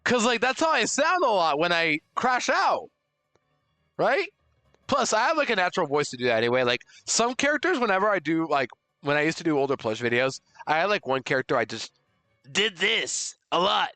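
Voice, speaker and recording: A young man chats through a live game stream, quick to overreact and shout in disbelief. His voice sits high and swings widely in pitch. The sound is bright and dry, close to the mic. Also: no room sound, faint music behind. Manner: excitable, loudly overreacting.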